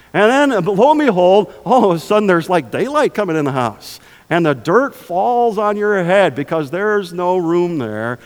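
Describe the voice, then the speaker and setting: Male pastor, high voice, animated sermon delivery, hall reverb. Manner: animated, conversational, rhetorical questions.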